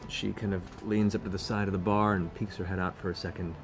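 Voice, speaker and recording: Guy running a tabletop game, lowish voice, easygoing narration, bit of music behind. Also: little pitch movement, quick pace. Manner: loose, descriptive narration with laughs. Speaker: game master.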